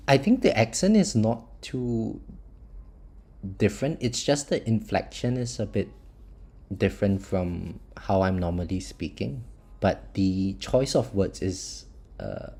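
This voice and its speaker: Fields: Sex: man. Pitch: low. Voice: gravelly, husky. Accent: mild Singaporean English. Style: casual stream chat. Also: lively intonation, takes it slowly, pauses often. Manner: loose and chatty, with restarts and soft laughs. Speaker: live-streamer of a mobile tower-defense game. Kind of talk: casual live-stream chat, answering viewers.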